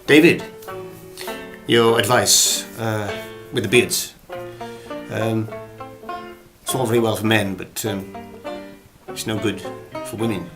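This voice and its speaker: A man from Wales delivers a spoof acting lesson in a deadpan, rambling way, pausing often to search for words. His voice sits fairly low. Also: music in the background. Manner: rambling, hesitant, many ums and uhs. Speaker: comedy acting tutor. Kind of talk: deadpan mock masterclass.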